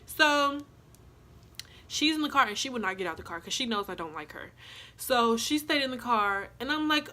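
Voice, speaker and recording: This young woman, a vlogger, recounts a long story casually and with animation, voicing the other people in it. Her pitch is on the high side and her pace moderate.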